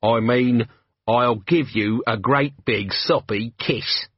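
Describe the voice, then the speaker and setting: A man's voice: medium pitch, slow, slightly rough, dry recording, dull audio. A man voicing a fierce man disguised as a woman, who growls threats. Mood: menacing. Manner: growling, menacing.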